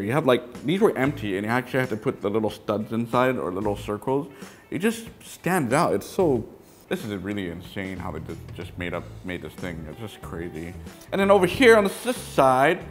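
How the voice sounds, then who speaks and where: Guy doing a casual toy review, gushy and excited, middle pitch, faint music behind. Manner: excitable, gushing, often trailing off into mumbles.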